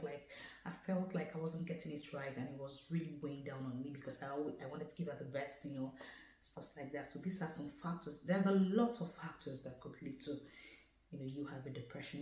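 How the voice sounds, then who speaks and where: A woman's voice: sits low, darkish tone, roomy sound, a little hiss or hum, poor audio. A woman vlogger talking earnestly and conversationally about her own experience, with many casual fillers. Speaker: vlogger sharing a personal story. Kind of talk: casual personal talk to camera.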